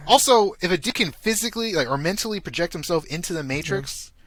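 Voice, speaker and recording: Male podcast co-host, animated and profane, bright voice with a lively range. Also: sits high, fast talker, no room sound. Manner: animated, profane, mocks with put-on quotes. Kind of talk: casual chat.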